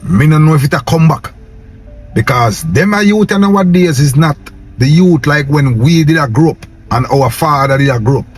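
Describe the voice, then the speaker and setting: A man's voice: fairly high pitch, expressive, moderate pace, slightly rough, soft background music. A young Jamaican man with a Patois accent, ranting to camera in a casual vlog and tagging his lines with "yo" and "man". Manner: impassioned, preachy, repeats "yo" and "man". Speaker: vlogger.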